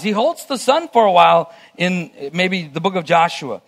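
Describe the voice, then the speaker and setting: Reading scripture during a sermon, a man with a high-sitting, slightly bright voice moves slowly, pausing often, his pitch swinging widely. After each reading he muses on the text, restarting his sentences again and again as he teaches.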